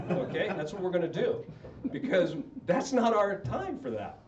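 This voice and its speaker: A man's voice: big pitch swings, fairly quick. A middle-aged man counseling an audience on marriage, casual and joking, asking them questions. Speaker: marriage counselor and wedding officiant. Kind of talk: talk to a live audience. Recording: roomy, distant and dull with faint rumble.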